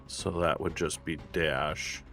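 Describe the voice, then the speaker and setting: A man's voice: a bass voice, steady tone, slow, bright, forceful tone, soft background music. A man playing a tabletop game, asking about the rules and thinking his moves through aloud. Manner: asks questions, thinks aloud. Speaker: player.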